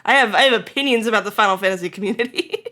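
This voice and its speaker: A woman's voice: medium pitch, rapid-fire, sharp tone. A young woman streamer chatting casually with her viewers, giggly and playful, swearing and putting on mock-angry rants.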